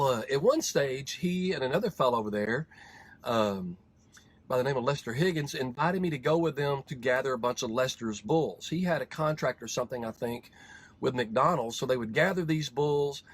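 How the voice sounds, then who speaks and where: A man from the United States, a horse trainer hosting his vlog, telling a story in a folksy, relaxed way from a parked vehicle. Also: medium pitch, brisk. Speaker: horse trainer and show host.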